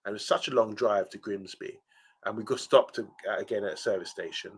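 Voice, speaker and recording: A podcast co-host with a lowish, slightly breathy voice talks fast in a casual chat. He's a chatty storyteller whose rambling tales are packed with fillers.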